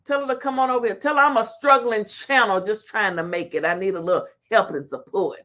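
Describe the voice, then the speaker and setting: A woman's voice: mid-range voice, fairly quick. A woman hosting a casual livestream, reading the chat aloud and laughing often. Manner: animated, laughs often, talks back to chat. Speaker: talk show host reading live chat.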